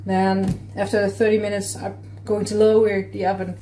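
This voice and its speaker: A woman's voice: mid-range voice, little pitch movement, moderate pace, mellow, a little hiss or hum. A woman chatting casually in her home kitchen while baking and tasting, thinking aloud as she goes. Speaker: cooking vlogger.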